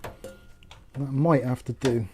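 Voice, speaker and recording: A man's voice: mid-range voice, fairly even intonation, drawn-out words, dark tone, a little hiss or hum. A man with a Bristolian accent hosting a livestream, chatting casually and thinking aloud while he builds a PC.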